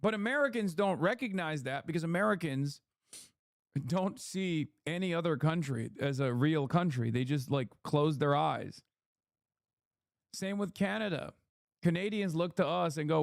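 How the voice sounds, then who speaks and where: A man's voice: on the high side, moderate pace, vocal fry, no echo. Ranting streamer man, dry close sound. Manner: profane, ranting, reads chat aloud. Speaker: political streamer. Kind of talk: casual livestream commentary.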